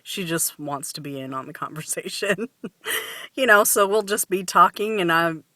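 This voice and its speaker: Bright-voiced chatty woman vlogging. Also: lowish voice, moderate pace, no room sound. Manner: chatty, laughs often, many fillers and restarts. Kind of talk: casual chat to camera.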